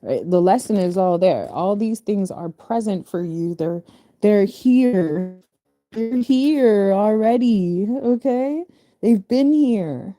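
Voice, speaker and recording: A woman's voice: medium pitch, animated, slow pace, dark tone, no room sound, studio quality, soft background music. A woman casually reading scripture verses aloud and explaining them in loose, chatty asides, often restarting her phrases and laughing easily. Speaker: spiritual reader.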